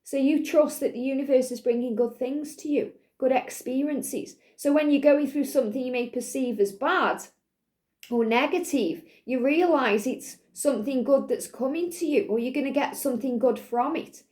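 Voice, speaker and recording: A woman giving a spiritual reading to her viewers, talking earnestly and reassuringly, with many "you know"s, and now and then clearing a slight cough from her throat. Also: high voice, moderate pace, a little mellow. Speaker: spiritual reader. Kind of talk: channelled tarot-style reading to viewers.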